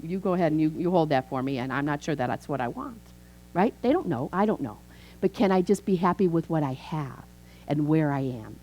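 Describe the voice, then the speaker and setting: Low-voiced woman minister giving a chatty sermon. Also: low-quality recording. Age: 50s. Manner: animated, chatty, acts out quoted voices. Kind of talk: conversational sermon. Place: church.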